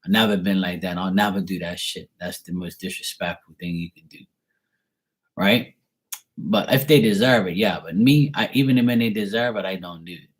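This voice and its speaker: A man's voice: sits low, moderate pace. Man ranting, profane and heated. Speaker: vlogger. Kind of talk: rambling personal rant.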